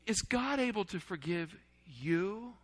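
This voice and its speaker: Dramatic high-voiced male preacher. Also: animated, takes it slowly, rough recording. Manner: dramatic, swings between loud and hushed; asks the audience questions. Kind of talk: sermon.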